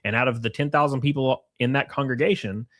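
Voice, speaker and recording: A man's voice: medium pitch, fast, fairly bright tone. A man with a mid-range voice banters loosely and crudely on a live stream, thanking viewers between jokes. The sound is close and dry, with no room echo. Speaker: stream co-host. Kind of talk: casual stream chat.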